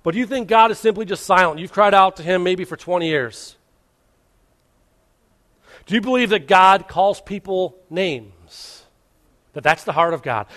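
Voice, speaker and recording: Male pastor, high voice, earnest sermon delivery full of repeated questions. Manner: earnest, repetitive questioning, shifts from loud to hushed. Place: church service.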